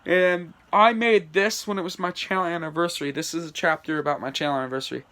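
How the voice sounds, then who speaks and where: A man's voice: a little high, fairly even intonation, fast, sharp tone. A man reading his homemade story aloud, with chatty asides and small stumbles. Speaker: channel creator.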